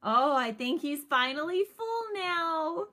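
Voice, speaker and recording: A woman narrates a toy unboxing from off camera, her very high voice rising and falling in a lively, sing-song way. She talks slowly and gushes over the toy with frequent giggles. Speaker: toy reviewer.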